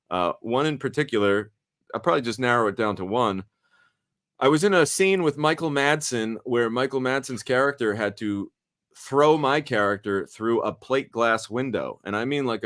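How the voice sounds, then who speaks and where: A middle-aged man hosting a show, telling a story in casual chat full of swearing, with lively animated delivery. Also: fairly low pitch, no echo, clean studio sound. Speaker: podcast host and actor.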